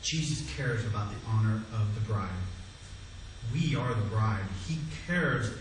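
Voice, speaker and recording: A male pastor preaching a sermon, swinging between loud exclamations and hushed low phrases. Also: measured pace, slight background noise. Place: church sanctuary. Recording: echoey church hall, mic at a distance.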